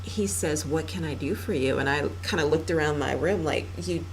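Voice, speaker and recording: Wry, low-voiced woman podcast host. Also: brisk, vocal fry, slight background noise, rough recording. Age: middle-aged. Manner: wry, snarky, joking. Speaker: podcast host and radio producer. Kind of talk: casual film-review chat.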